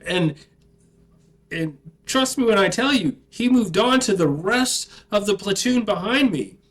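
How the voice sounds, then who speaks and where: A man, an army veteran, telling a casual, profane, animated story about basic training. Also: high voice, a little slow, rough recording.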